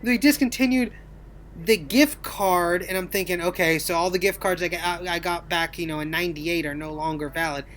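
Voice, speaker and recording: A woman's voice: on the low side, level tone, fairly quick, hardly any pauses, a bit bright. A woman co-hosting a podcast, telling a rambling story in casual chat and laughing often. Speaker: podcast co-host.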